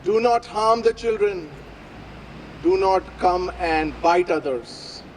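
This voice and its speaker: A man voicing a calm, kindly old saint in a told story, speaking gently and instructively. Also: high-pitched, slow, a little hiss or hum, low-quality recording.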